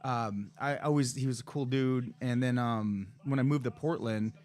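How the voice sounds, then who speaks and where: A man in his thirties tells a story on a podcast in loose, casual chat. He rambles, swears freely and restarts his sentences often, his pitch sitting in an ordinary middle range. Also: normal speed, a little mellow. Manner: rambling, profane, many restarts and fillers. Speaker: podcast guest.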